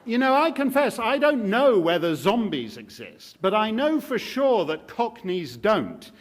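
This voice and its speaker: Wry, lively man giving a lecture. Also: sits high, a little slow. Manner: wry, sardonic humor. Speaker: public speaker. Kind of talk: public lecture. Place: live speaking event before an audience.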